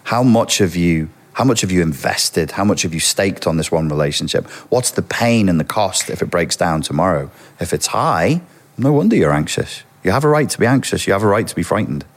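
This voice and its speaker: A man's voice: low-pitched, expressive, brisk. A middle-aged man, an expert guest in an interview, explaining earnestly and speaking straight to the viewers.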